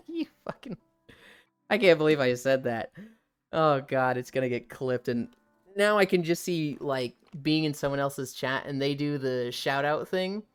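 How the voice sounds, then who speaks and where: A man's voice: medium pitch, normal speed, clear, resonant tone, soft background music. A man chatting candidly on a live stream, swearing freely and laughing often. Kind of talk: casual live-stream chat.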